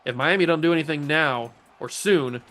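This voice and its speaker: A young man hosting casual gameplay commentary, playful and cocky, breaking into excited play-by-play calls. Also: fairly high pitch, moderate pace, soft background music. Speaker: gaming YouTuber, host.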